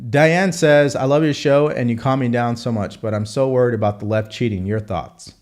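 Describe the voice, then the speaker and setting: A man's voice: mid-range voice, moderate pace, darkish tone. Male host, live political commentary, punchy rhetorical delivery, mid-range voice. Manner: rhetorical, repeats questions for emphasis.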